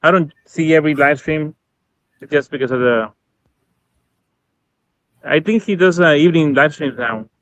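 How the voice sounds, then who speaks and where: A man chatting casually on a live stream, relaxed, explaining how to pronounce names. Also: a little high, moderate pace, pauses often, no echo. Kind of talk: casual chat. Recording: dull, dry lo-fi stream audio.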